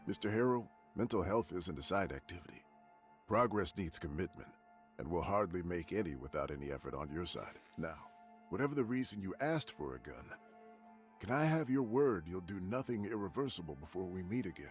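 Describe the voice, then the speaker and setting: An actor playing a calm male therapist, measured and formal, turning questions back on his patient. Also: sits low, soft background music. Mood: firm.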